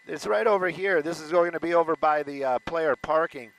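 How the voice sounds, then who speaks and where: A man's voice: fairly high pitch, a little fast, gravelly, a bit bright, poor audio. A man doing loose, rambling live commentary as a helicopter news reporter, often stopping and restarting mid-sentence. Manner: loose, rambling, self-interrupting. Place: news helicopter over a stadium.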